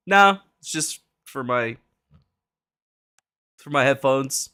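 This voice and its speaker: A man streaming from his home desk, chatting casually and profanely in a rambling way with animated asides, before moving on to political commentary. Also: mid-range voice, slow, long pauses, clean tone.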